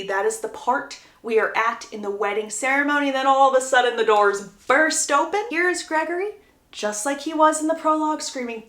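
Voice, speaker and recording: A woman recaps a story in a casual, gossipy way. Her voice sits a bit high and stays animated. The recording carries a roomy echo. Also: normal speed. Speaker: book recap creator.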